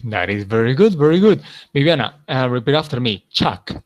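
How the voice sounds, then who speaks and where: Guy teaching english, cheering students on, modeling words slow and clear, mid-pitched voice. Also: very animated, no echo, highs cut off. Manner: encouraging, praises often, models words slowly. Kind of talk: classroom pronunciation drill.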